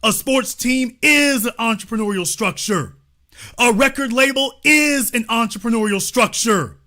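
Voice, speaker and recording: A man's voice: very high voice, unhurried, sharp tone. A man hosting his own show, giving an emphatic, preachy commentary monologue laced with sarcasm. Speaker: host.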